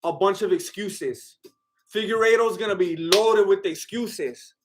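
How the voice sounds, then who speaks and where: A man with a high voice for a man chats loosely on a live stream. He rambles, jokes and restarts his sentences as he reacts to chat. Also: unhurried, background noise. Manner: rambling and joking, with lots of "like" and restarts; loose, chatty, breaks into bits of song.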